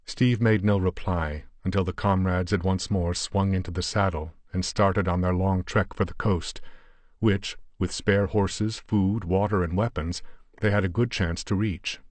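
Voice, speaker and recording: A man narrating a horror story as an audiobook, in a measured, deliberate way. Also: sits low, fairly even intonation, a little mellow, no echo.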